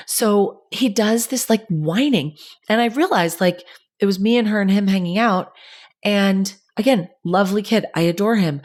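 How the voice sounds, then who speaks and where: A young adult woman with a slightly low voice gives parenting advice in a loose, chatty way. She fills her talk with "like" and quick asides, as if talking to a friend. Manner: chatty, lots of "like", animated asides. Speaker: podcast host.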